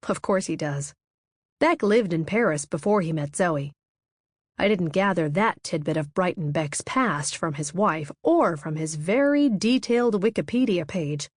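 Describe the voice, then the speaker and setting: Measured woman audiobook narrator. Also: fairly low pitch, no echo, studio quality. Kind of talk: first-person audiobook narration.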